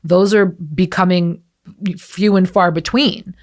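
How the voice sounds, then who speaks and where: A woman's voice: fairly low pitch, fairly even intonation, takes it slowly, a little mellow. An American woman hosting a podcast, chatting casually and frankly and swearing now and then. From United States. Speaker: podcast host. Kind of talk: casual chat.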